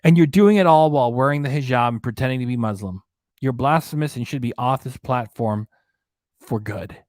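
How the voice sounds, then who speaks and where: A man's voice: mid-range voice, a little fast, darkish tone, no room sound, clean studio sound. A man delivering angry, indignant commentary, ranting and repeating himself. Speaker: reaction channel commentator.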